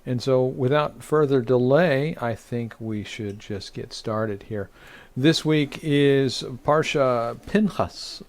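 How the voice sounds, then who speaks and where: A man teaching a weekly online Torah study as rabbi, speaking haltingly with many fillers and restarts. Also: medium pitch, darkish tone. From United States.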